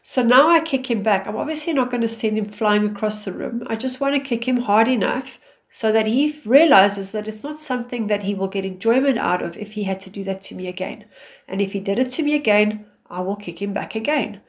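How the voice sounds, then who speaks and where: Female advice speaker, mid-pitched, calm and firm, instructive delivery. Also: a little fast. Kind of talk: direct advice talk.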